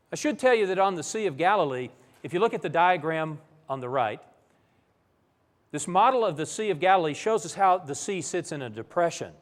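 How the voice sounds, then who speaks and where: A man's voice: a little high, big-room sound. A man preaching a Bible lesson in a church, telling the stories vividly. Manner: animated, vivid storytelling. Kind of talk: sermon-style Bible lesson.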